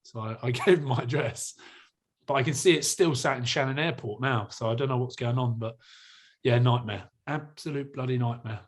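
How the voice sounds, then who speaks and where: A young man who plays rugby co-hosts a rugby podcast, chatting casually at a moderate pace in a mid-range voice. He laughs often and swears freely.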